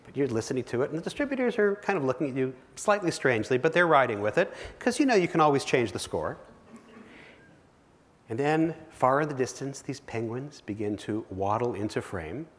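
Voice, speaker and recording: A man's voice: medium pitch, very animated, a little fast. A man giving a keynote speech, telling a vivid second-person story to a live audience in a large auditorium. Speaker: keynote speaker. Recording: long reverb of a big hall.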